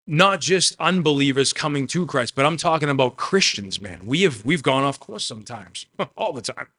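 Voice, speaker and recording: Emphatic preaching man. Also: medium pitch. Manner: emphatic preaching with sudden loud and soft swings; addresses the congregation directly. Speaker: pastor. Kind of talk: sermon.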